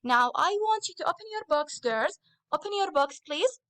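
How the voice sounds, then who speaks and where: A woman's voice: sits high, expressive, moderate pace, a bit bright, dry recording. A woman teaching English grammar and phonics to girls, patiently repeating each phrase.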